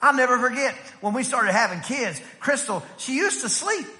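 High, bright-voiced preaching man. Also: normal speed. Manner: energetic preaching, tells family stories, rises to shouts. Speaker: pastor. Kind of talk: sermon. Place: church sanctuary. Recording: long reverb from a church hall.

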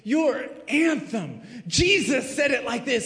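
A man's voice: high voice, lively intonation, slow. Man preaching in an echoey hall. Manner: dramatic, swings from hushed to shouting. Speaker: pastor. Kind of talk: sermon. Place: full church sanctuary.

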